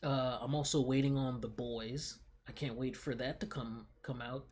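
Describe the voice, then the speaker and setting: Husky laid-back young male streamer. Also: mid-range voice, steady tone, normal speed, darkish tone. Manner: laid-back, rambling, slangy. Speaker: livestreamer. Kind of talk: casual livestream chat.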